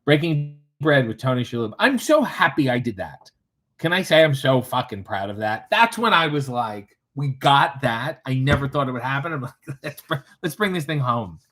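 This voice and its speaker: A man's voice: medium pitch, big pitch swings, moderate pace, bright, forceful tone. Wry, profane man hosting a stream. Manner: wry, profane, joking asides while reading chat aloud. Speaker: livestream host. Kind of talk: casual livestream, reading chat comments. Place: hotel room.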